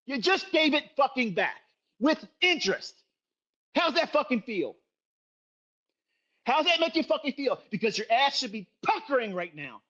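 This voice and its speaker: A middle-aged man tears into his listeners in a profane livestream rant, lecturing hard about trading. His voice sits high and leaps all over the place. The stream audio is dull and lo-fi. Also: sing-song, normal speed, long pauses, pushed and bright. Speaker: trading educator.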